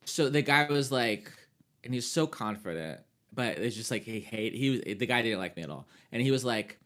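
A man's voice: fairly low pitch, brisk. Laid-back male comedian on a podcast. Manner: animated storytelling with mocking put-on voices. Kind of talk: casual chat. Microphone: close microphone.

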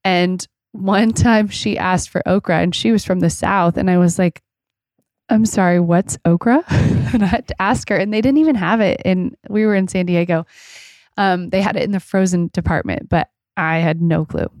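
A woman's voice: on the low side, normal speed, darkish tone, no room sound, clean studio sound. A woman in her thirties hosting a casual chat, telling stories in a chatty, giggly way. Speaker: podcast host.

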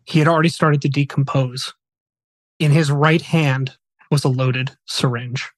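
A man's voice: mid-range voice, steady tone, measured pace, dry recording. A man hosting a podcast, retelling a true story in a casual, earnest, conversational way. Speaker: podcast host.

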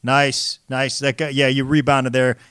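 A man's voice: medium pitch, little pitch movement, measured pace, fairly bright tone, clear, resonant tone, dry recording. A man co-hosting a word podcast in casual chat, dry and teasing as he grades his partner's jokes. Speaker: podcast co-host.

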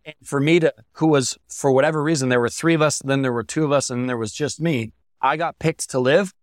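A young man speaks as a podcast guest, candid and heartfelt as he tells a painful story. His voice sits at an ordinary pitch and the recording is dry and close, with no room sound. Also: fairly quick, no room sound. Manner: earnest, heartfelt, emotional at times.

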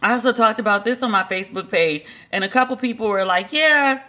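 Bright-voiced chatty woman storyteller. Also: mid-range voice, fast talker. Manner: chatty, lots of "like" fillers, animated retelling. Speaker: podcast host. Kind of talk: casual storytelling monologue.

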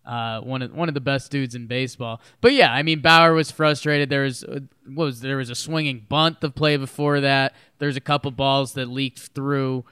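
A man co-hosting a podcast talks baseball in a loose, playful way, often laughing and restarting his sentences. His voice is bright and crisp, recorded close on a dry studio mic. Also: mid-range voice, steady tone, moderate pace, hardly any pauses, dry recording. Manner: laughing, playful, self-correcting. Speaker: podcast co-host. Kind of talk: casual sports chat.

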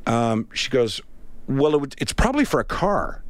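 A man's voice: medium pitch, big pitch swings, unhurried, dry recording. A man co-hosting a radio talk show, telling a story casually and acting out both sides of the conversation.

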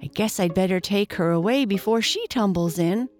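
A woman voicing a little girl who wails and pleads in a high voice, reading a bedtime story. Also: moderate pace, a little mellow, faint music behind, natural voice. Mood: relieved. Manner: high, wailing and begging.

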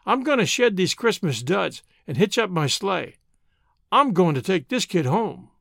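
Man doing a grave, folksy Western miner for a storybook reading, fairly high voice, dry close sound. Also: very animated, unhurried, creaky, a bit bright, no room sound, full character voice. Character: gruff Western mining-camp man, grave and generous.

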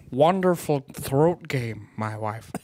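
A young man doing a slow, low-pitched impression of an elderly male politician, for laughs in casual chat. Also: animated, a little mellow. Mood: smug.

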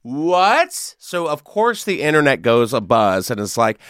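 A man's voice: mid-range voice, very animated, unhurried, a bit bright, dry recording, clean studio sound. A man hosting a podcast, ranting in a sarcastic, catty way about celebrity fashion, with some swearing. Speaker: podcast host. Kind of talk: casual chat.

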